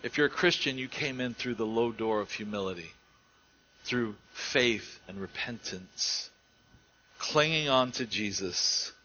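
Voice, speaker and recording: A man preaching a sermon in an earnest way, rising to emphatic stretches and dropping to quiet ones. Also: mid-range voice, measured pace, dull audio, slight background noise.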